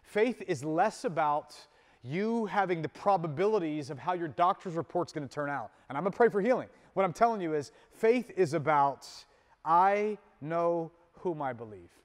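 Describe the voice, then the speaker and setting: A male pastor delivers a sermon with a fairly high voice. He swings from loud, emphatic peaks to soft, intimate asides, keeping a casual, conversational manner. The sound carries a long hall reverb, as in a church sanctuary. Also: animated. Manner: conversational, with casual fillers and quick laughs.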